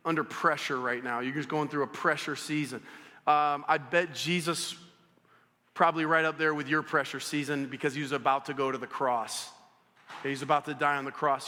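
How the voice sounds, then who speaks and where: A man delivers a sermon in a high, bright voice with a sharp, forceful edge. He speaks to the crowd directly and tells stories with lively energy. His voice carries a long reverb from a church hall. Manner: animated storytelling, addresses the audience directly. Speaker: pastor. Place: church auditorium.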